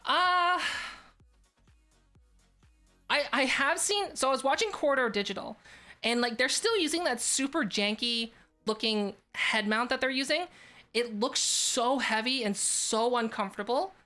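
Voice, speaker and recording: A woman's voice: high voice, animated, moderate pace, pushed and bright, soft background music. A woman streaming live, chatting casually and rambling with lots of fillers. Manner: rambling, filler-heavy, restarts often.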